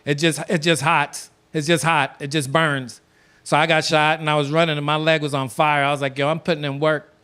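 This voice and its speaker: A man's voice: on the high side, flat delivery, normal speed. A man telling a blunt, streetwise story to close his stand-up set on a comedy club stage. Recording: loud noise in a club.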